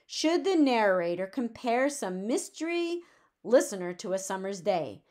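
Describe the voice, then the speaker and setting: A woman at a middle pitch gives a recorded poetry lecture. She explains each point in a clear, measured way. When she reads verse aloud, she slows down. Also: sing-song, darkish tone. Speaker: teacher.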